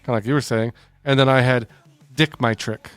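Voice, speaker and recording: A man's voice: mid-range voice, fairly even intonation, brisk, clear, resonant tone, no room sound. A man co-hosting a casual movie podcast, reading listener comments and joking with his co-hosts. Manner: joking, wraps up with a ranking. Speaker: podcast co-host.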